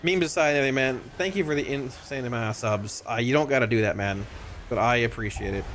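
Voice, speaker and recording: A man streaming a game live, talking casually to his viewers, excitable and stammering, often repeating himself. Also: mid-range voice, fast, slight background noise.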